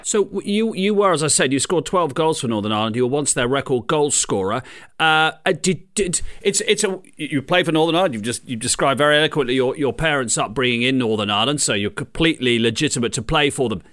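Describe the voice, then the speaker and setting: A man's voice: medium pitch, lively intonation, fast, fairly bright tone, dry recording, studio quality. A man hosting an interview, asking prompting questions about a guest's career. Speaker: interview host. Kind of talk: podcast interview.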